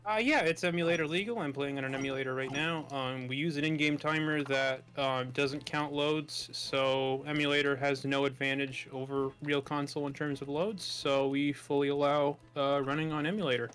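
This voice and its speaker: A man commentating live on his own speedrun, excitable and gushing as he explains tricks. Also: fairly high pitch, moderate pace, hardly any pauses, faint music behind. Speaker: speedrunner showing his run. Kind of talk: live commentary over gameplay.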